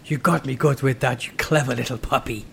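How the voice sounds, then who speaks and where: A man's voice: medium pitch, fairly even intonation, a little fast, creaky, fairly bright tone, a little hiss or hum. A man doing a gushing German soldier. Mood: eager, gushing. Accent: loose put-on German. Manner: over-the-top eager and fawning.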